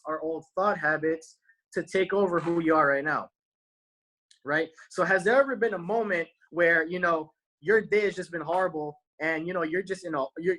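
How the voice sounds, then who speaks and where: A motivational speaker with a fairly high, sharp-toned voice gives his viewers a casual pep talk, heavy on slang and ending nearly every point with "right?" The audio quality is poor.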